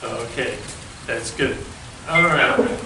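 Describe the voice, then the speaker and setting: A man's voice: mid-range voice, takes it slowly, pushed and bright, slight background noise. A man hosting a casual livestream, rambling and asking leading questions. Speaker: host. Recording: roomy, far from mic, rain behind.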